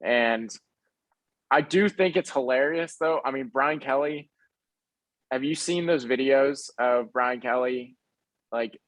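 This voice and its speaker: A man's voice: mid-range voice, slow pace, pauses often, no echo, low-quality recording. Laid-back young man chatting about sports. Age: young adult. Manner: rambling, laid-back, lots of fillers. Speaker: podcast co-host. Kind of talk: casual sports chat.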